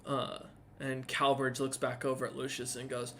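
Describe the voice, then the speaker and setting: A man's voice: mid-range voice, monotone, moderate pace, few pauses, sharp tone. A man narrating a tabletop game as dungeon master, rambling with lots of fillers. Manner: rambling, many fillers and restarts.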